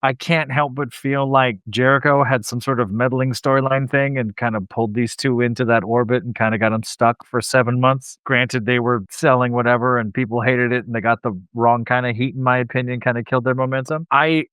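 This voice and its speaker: A man's voice: mid-range voice, fairly even intonation, fairly quick, few pauses, a bit bright, clean tone, dry recording. Rambling, jokey man on a dry mic. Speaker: podcast co-host. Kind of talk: casual wrestling show breakdown.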